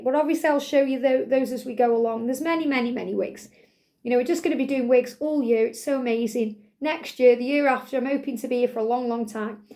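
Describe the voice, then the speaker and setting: A woman's voice: high voice, a little mellow. A middle-aged woman, giving a chatty, rambling, gushing product review as a vlogger. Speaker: wig vlogger.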